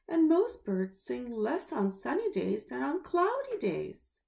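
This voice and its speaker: Slow, lively storybook-reading woman. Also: high-pitched, vocal fry. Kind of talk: children's story read-aloud.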